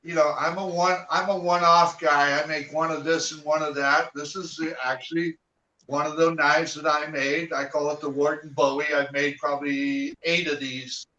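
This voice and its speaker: Man guest, rambling storyteller, bright and forceful, a bit high, recorded far off in an echoey room. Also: little pitch movement, moderate pace, dull audio. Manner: rambling, acts out quoted dialogue. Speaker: martial arts guest. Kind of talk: casual storytelling interview.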